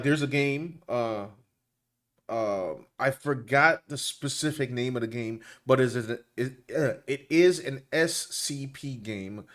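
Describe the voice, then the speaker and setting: A man co-hosting a casual commentary chat, talking loosely and colloquially with lots of restarts. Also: mid-range voice. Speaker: co-host.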